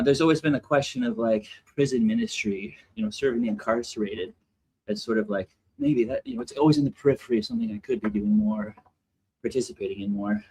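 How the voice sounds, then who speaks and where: A man's voice: medium pitch, a little hiss or hum, low-quality recording. A man calling in during a walk on his lunch break, a little out of breath, sharing personal thoughts in a casual way. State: slightly out of breath from walking. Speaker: caller. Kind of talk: casual chat.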